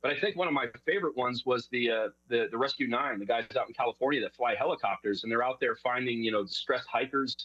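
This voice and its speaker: A man's voice: medium pitch, fast talker, hardly any pauses, a bit bright, slightly rough, no echo, highs cut off. A middle-aged man from New York, talking casually as an interview guest, rambling with many fillers and restarts. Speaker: guest, show host.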